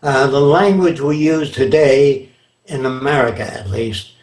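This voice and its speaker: A man's voice: mid-range voice, unhurried, a little mellow. An older man answering interview questions in an emphatic, lecturing way, often checking whether his listener understands. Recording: roomy echo.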